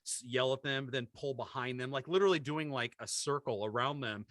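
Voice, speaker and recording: A middle-aged man co-hosting a podcast, telling a comedic story with animated delivery and laughing through his own jokes. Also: medium pitch, a little fast, no echo. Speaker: podcast co-host.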